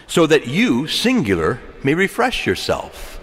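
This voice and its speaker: A man preaching a sermon, animated and joking, asking rhetorical questions to his listeners. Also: mid-range voice, unhurried. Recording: long echo of a large hall.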